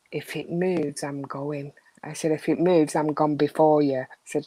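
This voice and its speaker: A middle-aged woman, chatting casually and telling stories with animated, hushed asides. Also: sits low, moderate pace, hardly any pauses, no room sound, rough recording. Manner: animated storyteller, drops to a hushed voice. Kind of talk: casual chat, storytelling.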